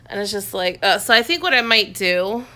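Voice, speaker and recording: A woman's voice: medium pitch, expressive, moderate pace, pushed and bright. A woman talking casually to her phone camera from her couch at home, rambling with lots of fillers and restarts. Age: adult, has a son. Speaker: vlogger. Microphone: phone on a selfie stick, close.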